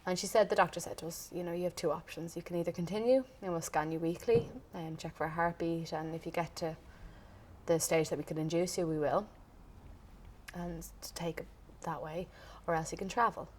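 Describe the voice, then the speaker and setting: A young Irish woman giving a documentary interview, recounting events in a measured, steady way. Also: lowish voice, slight background noise.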